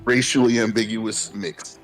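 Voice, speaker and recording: A man's voice: lowish voice, little pitch movement, unhurried, soft background music. A man casually telling stories while gaming on a stream, laid-back and profane, laughing often. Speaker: streamer co-host.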